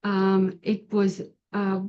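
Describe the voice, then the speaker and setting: A woman's voice: mid-range voice, monotone, extremely slow, warm tone, dull audio, slight background noise. A woman hosting an online seminar, introducing speakers in an effusive, hesitant way with many fillers. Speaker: seminar host. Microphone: video call.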